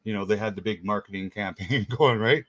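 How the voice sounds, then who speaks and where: A man from Canada hosts a relaxed livestream chat and greets viewers from the chat with an upbeat manner. His voice is close and dry, with no room sound around it. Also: fairly low pitch, brisk, no echo. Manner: upbeat, reads out chat names. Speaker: host.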